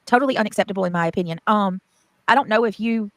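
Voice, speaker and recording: Woman streamer, reads out chat and thanks members, quick dry delivery, brisk. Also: medium pitch, fairly bright tone, no room sound. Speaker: livestreamer reading chat. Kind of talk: livestream chat reading.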